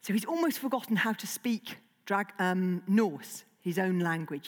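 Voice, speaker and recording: A woman's voice: medium pitch, animated, a little slow, hardly any pauses. A woman, a children's author, giving a chatty, digressive talk to children, with many fillers. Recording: long hall reverb.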